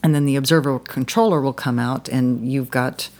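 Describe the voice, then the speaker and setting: A guest on a podcast tells a story in an easy, conversational way. The voice sits at a middle pitch. The delivery rambles, with frequent restarts and fillers. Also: steady tone, moderate pace, darkish tone. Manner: rambling, many restarts and "you know"s. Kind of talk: casual storytelling interview.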